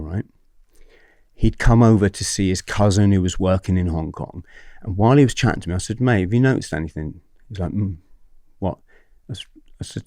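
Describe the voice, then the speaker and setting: A man's voice: low-pitched, a little mellow, no room sound, studio quality. A man in his forties telling a story as a podcast guest, acting out what other people said, swearing and laughing often.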